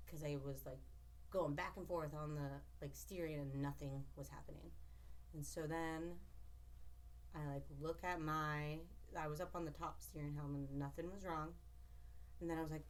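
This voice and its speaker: Guest: a young woman boat captain with a low voice, casual and animated, lots of "like". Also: normal speed. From Alaska. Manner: animated, laughing, lots of "like" and quoted speech. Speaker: commercial fishing captain, podcast guest. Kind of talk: casual storytelling.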